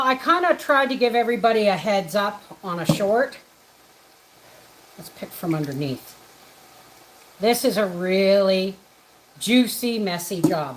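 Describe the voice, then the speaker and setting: Slow, chatty homesteading woman. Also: medium pitch, a bit bright, slight background noise, poor audio. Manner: chatty, rambling, breaks off to greet viewers by name. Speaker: homestead livestream host. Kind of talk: casual livestream chat while cooking. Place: home kitchen.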